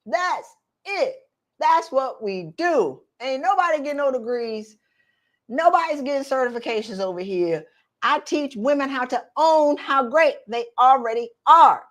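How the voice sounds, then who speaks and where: A middle-aged woman, coaching viewers in an animated, direct, slangy way on a live stream. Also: high-pitched, measured pace. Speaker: career coach for women.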